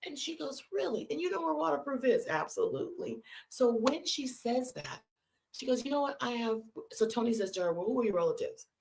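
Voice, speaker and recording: Woman live-stream host, lively storyteller, talks to her listeners as "y'all". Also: a little high, brisk, creaky. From California. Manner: animated, conversational, addresses listeners as y'all.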